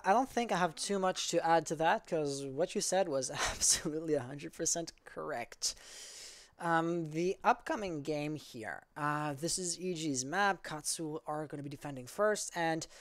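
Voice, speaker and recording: A male esports caster calling a live match, talking in a halting way, often stopping to correct himself. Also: a little high, dry recording. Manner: halting, self-correcting, apologizes for stuttering.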